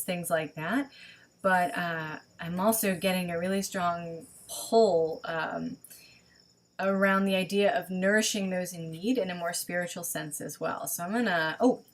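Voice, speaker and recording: A woman with a somewhat low voice leads an online spiritual session from home, speaking into a webcam. She talks casually and thinks aloud, often pausing on ums as she goes. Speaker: online service leader. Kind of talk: online livestream teaching.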